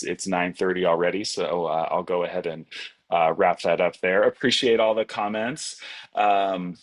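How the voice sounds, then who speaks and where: A man giving a Buddhist dharma talk in a relaxed, rambling way, with many fillers and restarts, over a video call. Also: sits low. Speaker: Buddhist teacher.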